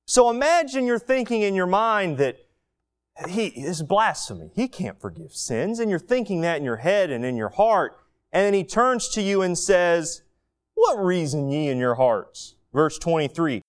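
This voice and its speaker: A man preaching a sermon, retelling a scripture story in an animated way. He acts out the quoted lines and adds everyday asides. His voice sits fairly high and swings widely in pitch. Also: a little slow.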